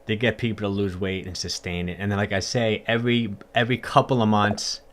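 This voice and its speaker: A man's voice: fairly low pitch, steady tone, fairly quick, a little hiss or hum. A man, a fitness coach, talking casually on a livestream and answering viewer comments in a chatty, upbeat way with lots of fillers and repeats.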